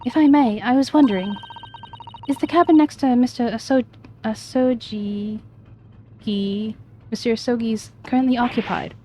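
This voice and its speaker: A woman's voice: fairly high pitch, moderate pace, warm tone, a little hiss or hum, voice pushed up, natural voice. A woman voicing a polite, proper young female assistant in a video game, asking formal, courteous questions.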